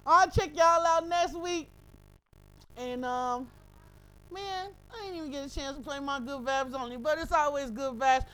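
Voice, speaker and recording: A woman's voice: sits high, a little slow, a bit bright, soft background music. A woman hosting a radio show, breaking down a rap verse in emphatic, profane casual commentary full of rhetorical questions.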